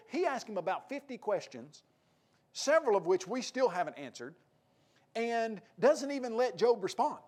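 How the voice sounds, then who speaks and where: A man with a Tennessee accent preaching a sermon, acting out quoted lines with a raised, animated delivery. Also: very high voice, normal speed.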